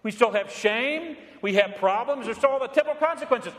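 A male pastor delivering a sermon in a church, swinging between raised and hushed delivery and leading the congregation in responses. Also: very high-pitched, brisk. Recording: reverberant church hall.

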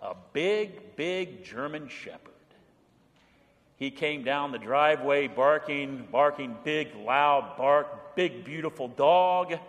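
High-voiced man preaching a sermon. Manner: storytelling preacher, swings between bold and hushed. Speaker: pastor. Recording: long hall reverb.

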